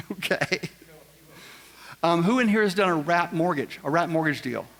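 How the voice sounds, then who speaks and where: A man's voice: a little high, lively intonation, brisk, fairly bright tone. A man giving a live seminar talk, quizzing the audience in a folksy, joking way. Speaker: seminar speaker. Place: large event room with audience. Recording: long hall reverb.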